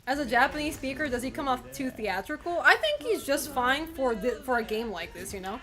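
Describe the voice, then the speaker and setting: High, lively young woman gaming streamer. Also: fairly quick. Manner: excitable, swears and laughs a lot, calls the game "bro". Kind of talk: gameplay commentary. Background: game music.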